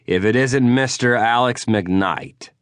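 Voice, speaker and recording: A man putting on a big, drunken backwoods bruiser with a Yooper twang that lifts at the end of his phrases. He taunts in a drawn-out, mocking way. The audiobook recording is dry and close. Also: medium pitch, clear, resonant tone, no room sound, voice pushed up, close to an everyday voice. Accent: Upper Peninsula Michigan "Yooper" twang. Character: big drunk red-haired male backwoods rival, belligerent. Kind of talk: audiobook narration.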